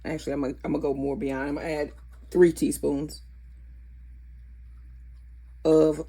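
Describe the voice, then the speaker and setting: A woman's voice: low-pitched, little pitch movement, normal speed, dark tone, slightly rough. A woman hosting a casual cooking vlog in her home kitchen, chatty and correcting herself as she goes. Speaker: cooking channel host.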